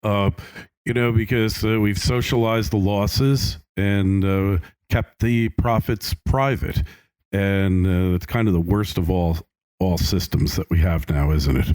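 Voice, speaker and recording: Low-voiced easygoing male host. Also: steady tone, a little slow, darkish tone. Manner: agreeable, easygoing with fillers. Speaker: podcast host. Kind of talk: interview podcast.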